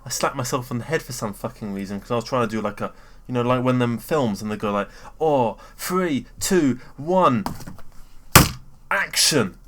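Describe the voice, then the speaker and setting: A young adult man with a British accent giving a casual, rambling rant. He swears freely, fills gaps with "um", breaks off his own sentences and keeps bouncing up into excited bursts. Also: quick pace, a little hiss or hum. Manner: rambling and sweary, with frequent fillers and self-interruptions; excitable, often jumping up in pitch and loudness. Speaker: vlogger.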